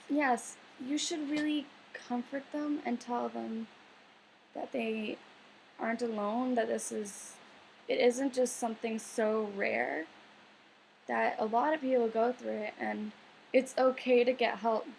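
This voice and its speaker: A woman's voice: on the high side, fairly even intonation, takes it slowly, creaky, a little hiss or hum, rough recording. A young woman in a casual advice vlog, earnest and rambling, with many filler words. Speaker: vlogger.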